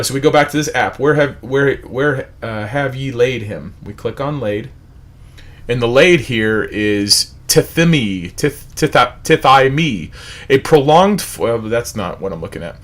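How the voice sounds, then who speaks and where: A man leading a livestreamed Bible study, asking repeated rhetorical questions and reading out word definitions. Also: mid-range voice. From United States. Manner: animated, repetitive rhetorical questions, reads word definitions aloud.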